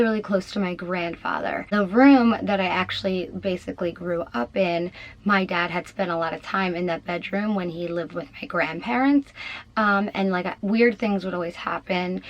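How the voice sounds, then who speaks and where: A young woman talks to her channel in a casual storytime, her voice at a middle pitch. She fills her sentences with ums and likes and sounds a little shaky. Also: low-quality recording. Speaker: vlogger.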